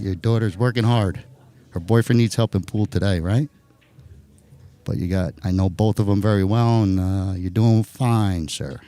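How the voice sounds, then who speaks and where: A man with a New Jersey accent giving chatty, joking live commentary on a pool match. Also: on the low side. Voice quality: animated, jokey, chatty.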